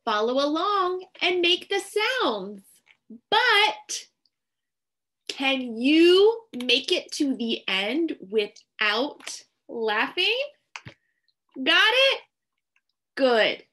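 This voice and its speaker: A woman teacher reading a picture book aloud to young children, slow and animated. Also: sits high.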